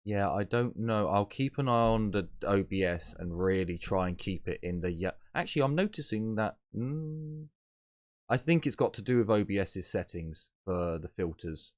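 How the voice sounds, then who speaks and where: A man narrating a tabletop role-playing game from a home setup, his voice very low and deep. He talks in a halting way, often restarting sentences and filling gaps with "um". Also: expressive. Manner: halting, with many fillers and restarts. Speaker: game master.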